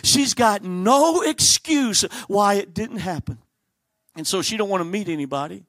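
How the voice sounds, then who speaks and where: A man's voice: high voice, lively intonation, a little slow, a bit bright, no room sound. A man preaching a sermon, telling the story with animation and acting out the characters.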